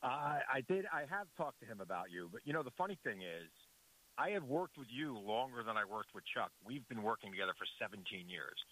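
A man's voice: medium pitch, big pitch swings, brisk, sharp tone, poor audio. A man appearing as a guest commentator on a radio show, chatting in a friendly, earnest way. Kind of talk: casual radio chat.

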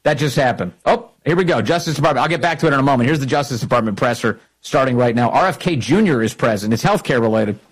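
A man with a husky, slightly breathy voice hosts a political talk show, mocking his targets and pressing his points hard. His pace jumps in quick bursts between sharp jabs. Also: mid-range voice, animated, rough recording. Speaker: political commentary host.

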